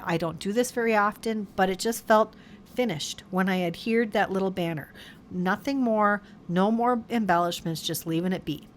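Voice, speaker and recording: A woman's voice: mid-range voice, a little hiss or hum. Chatty woman narrating a craft tutorial. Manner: chatty, self-correcting, fond of her materials. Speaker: card-making tutorial host. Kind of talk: casual step-by-step craft narration.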